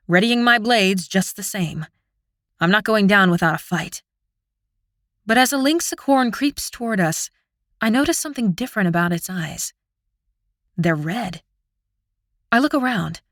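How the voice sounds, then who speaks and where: A woman narrating a fantasy audiobook in the first person, with an expressive, dramatic reading. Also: medium pitch, dry recording, clean studio sound.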